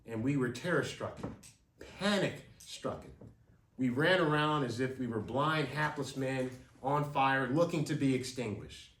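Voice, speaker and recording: A man telling a story with drama and vivid detail, his voice lively and moving widely. He sits somewhat high and sounds far off in an echoing room. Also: a little hiss or hum. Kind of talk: storytelling speech. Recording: roomy, from a distance.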